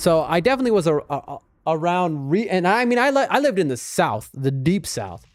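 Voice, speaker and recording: A man's voice: high voice, big pitch swings, brisk, no room sound, clean studio sound. A man streaming a game live, chatting casually, reacting to the action and answering his chat. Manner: chatty, reacts to gameplay and reads chat aloud. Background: loud game music.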